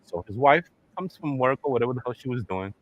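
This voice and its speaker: A man's voice: mid-range voice, quick pace, highs cut off. A man telling a long, profane joke in casual live-stream chat, laughing as he goes. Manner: animated, profane storytelling with laughter.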